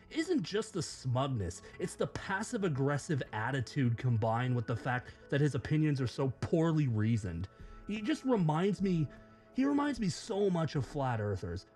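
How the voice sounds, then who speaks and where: Guy reading his commentary script, snarky and swearing, voice bounces around a lot, slightly high, faint music behind. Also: a little mellow. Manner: sarcastic, mocking, profane. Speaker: YouTube commentator.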